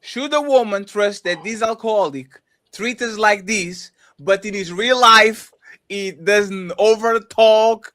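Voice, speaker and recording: High-voiced man making his point. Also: takes it slowly. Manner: animated, laughing, repeats rhetorical questions. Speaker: podcast co-host. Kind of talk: casual discussion.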